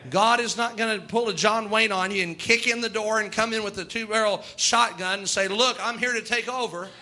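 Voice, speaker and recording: A man's voice: high-pitched, fairly even intonation, brisk, sharp tone. A male preacher, delivering a folksy sermon and voicing God and sinners in quoted asides.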